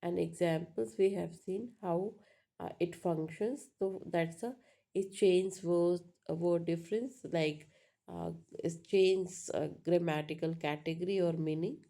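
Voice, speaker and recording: A woman teacher, explaining a lesson slowly, repeating words and asking "right?" to check understanding. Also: fairly low pitch, steady tone, gravelly, mellow. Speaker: English teacher. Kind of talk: online lecture.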